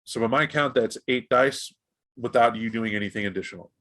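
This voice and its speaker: A man narrating as game master of a tabletop role-playing game, animated and jumping into characters' voices. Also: mid-range voice, a little fast. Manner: animated, voices gang members in bursts.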